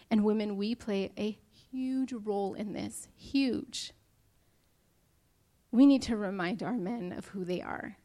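A woman's voice: medium pitch, gravelly, a little mellow. A young woman preaching a sermon to her church, earnest and emotional as she speaks to the congregation.

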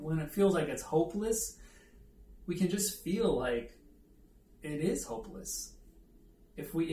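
His voice sits on the higher side with a touch of mellowness. The sermon stays conversational as he pokes fun at himself in a story and addresses the crowd directly, all captured by a far-off mic in an echoing space.

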